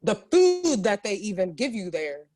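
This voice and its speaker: A woman's voice: mid-range voice, big pitch swings, unhurried, a little mellow. A woman from Ohio, a chef, talking animatedly as a podcast guest, often restarting her sentences. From Ohio, USA. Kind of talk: casual interview chat.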